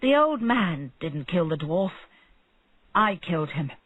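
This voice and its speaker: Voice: medium pitch, sing-song, slow, dry recording. A narrator voicing a panicked male doctor, fretful and half-whispering, in a narrow phone-like recording. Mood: confessing.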